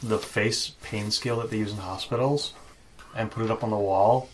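A man's voice: fairly low pitch, fairly even intonation, normal speed, slight background noise, poor audio. A man playing a tabletop game, matter-of-fact and explaining rules. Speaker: player. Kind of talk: casual tabletop play.

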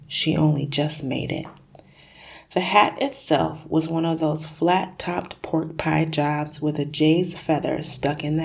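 A woman narrating a children's story with lively, expressive reading. Her voice sits low and carries a gravelly grain, with a warm, unhurried sound. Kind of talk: expressive read-aloud narration.

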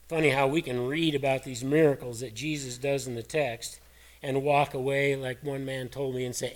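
A middle-aged man preaching a sermon in a folksy, earnest, conversational way, his voice hoarse and cracking. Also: medium pitch, steady tone, normal speed. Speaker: pastor.

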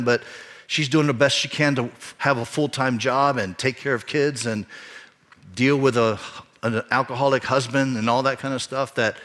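Middle-aged guy preaching, bright tone, personal and earnest, gets loud at the big moments. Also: medium pitch. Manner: earnest, personal, rising to emphatic peaks. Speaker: pastor. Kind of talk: sermon storytelling. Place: church.

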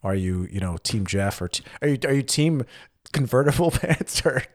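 A man's voice: medium pitch, animated, moderate pace, noisy background. A man co-hosting a casual podcast chat in a mid-range voice. He rambles and restarts often, full of fillers. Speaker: podcast co-host.

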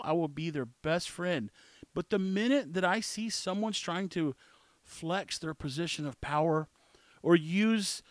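A man's voice: a little high, dry recording. A man in his forties telling a story in a casual monologue, blunt and opinionated, rambling with restarts. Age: 40s.

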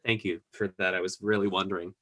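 Guy with a bright tense voice, chatty rambling recap, lots of likes and ums. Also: deep voice, level tone, fast. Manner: rambling, filler-heavy retelling. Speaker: podcast co-host recapping a TV episode. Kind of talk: casual chat.

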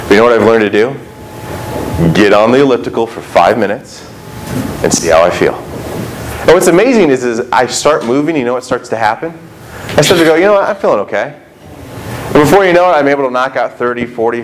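A man's voice: medium pitch, a little hiss or hum, low-quality recording. A middle-aged male pastor delivering a conversational sermon, full of rhetorical questions and acted-out quotes.

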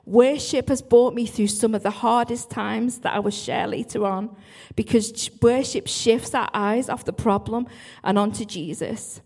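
A woman's voice: fairly high pitch, steady tone, normal speed, a little mellow. A woman worship leader, giving an earnest church talk with frequent asides and restarts. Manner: earnest, self-interrupting, apologetic asides.

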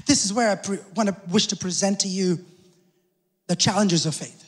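A male pastor preaching a sermon, calling out to the congregation and quietly acting out the people in the story. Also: high-pitched, fairly even intonation, brisk. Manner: preaching with call-outs to the congregation; acts out the people in the story in hushed asides. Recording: long hall reverb.

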